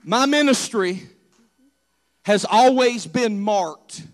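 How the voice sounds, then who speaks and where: A man with a notably high voice delivers a dramatic sermon testimony. He tells it as a pastor, earnest and storytelling in manner. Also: expressive, takes it slowly.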